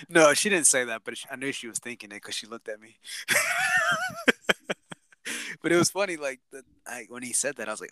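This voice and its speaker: A man's voice: mid-range voice, expressive, brisk, pushed and bright. A man co-hosting a casual chat, laid-back and rambling, laughing often and swearing now and then.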